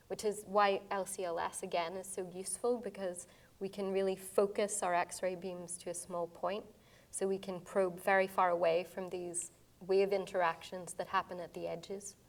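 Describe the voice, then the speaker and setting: A woman's voice: fairly low pitch, flat delivery. A woman scientist who is losing her voice, explaining step by step as she answers audience questions after a public lecture. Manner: explains step by step, with quick asides.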